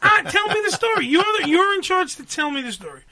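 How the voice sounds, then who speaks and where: A man's voice: extremely high pitch, big pitch swings, quick pace, over a noisy crowd. A man hosting a casual chat show, teasing his co-host with blunt, crude critique.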